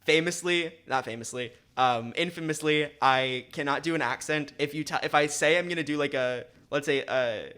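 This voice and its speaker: A young man with a bright, forceful voice, chatting loosely as a podcast host. He rambles and corrects himself as he goes, in an upbeat, easygoing way. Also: a little high, moderate pace, few pauses, clear, resonant tone. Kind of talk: casual chat.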